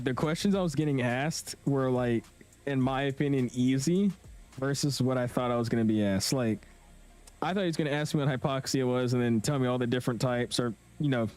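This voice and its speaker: Young man, casual stream chat, slangy, soft music underneath. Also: mid-range voice. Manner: chatty, slangy, reads chat aloud. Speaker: flight sim streamer.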